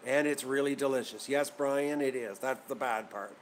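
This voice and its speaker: A man's voice: mid-range voice, moderate pace, a little hiss or hum. Rambling, worked-up male vlogger. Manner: rambling and repetitive, getting worked up. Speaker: channel host. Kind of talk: casual vlog chat to viewers.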